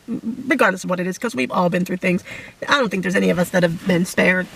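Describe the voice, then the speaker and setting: Gravelly-voiced woman near tears. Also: lowish voice, fairly even intonation, fairly bright tone, far from the mic, slight background noise, poor audio. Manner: halting, emotional, fighting back tears. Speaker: vlogger sharing a testimony. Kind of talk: emotional personal testimony to camera.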